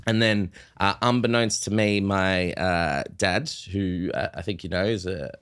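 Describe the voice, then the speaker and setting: A man with an Australian accent and a slightly low-pitched voice, co-hosting a laid-back chat. He tells long, meandering stories full of uhs and ums. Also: a little slow, fairly bright tone, smooth. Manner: rambling storytelling with fillers. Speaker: podcast co-host. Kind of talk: casual sports chat.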